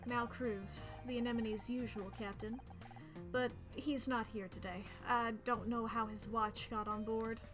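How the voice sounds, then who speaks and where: A woman's voice: on the high side, steady tone, a little slow, music in the background, natural voice. Woman putting on a drawling country boat owner. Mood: matter-of-fact. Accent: put-on American country.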